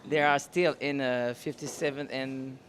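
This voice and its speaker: A man in his thirties with a French accent, a singer answering interview questions in a friendly, unhurried way while searching for words in English. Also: mid-range voice, level tone, a bit bright. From France. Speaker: singer and pianist. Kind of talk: casual interview.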